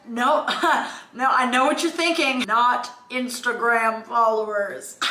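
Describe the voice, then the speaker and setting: Woman, deadpan sarcastic commentary, high voice, casual comedy, faint background music. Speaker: comedy content creator.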